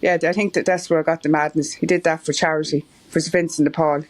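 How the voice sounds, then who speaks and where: Deep-voiced and quick, keeping a level tone, a middle-aged Irish marathon runner rambles through tales as a guest in a casual interview. Laughter comes often as she talks.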